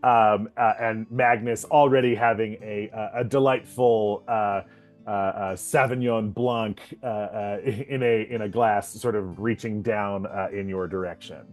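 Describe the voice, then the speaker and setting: A man narrating as game master of a tabletop game, halting, with many fillers and frequent laughs. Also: fairly low pitch, steady tone, faint music behind.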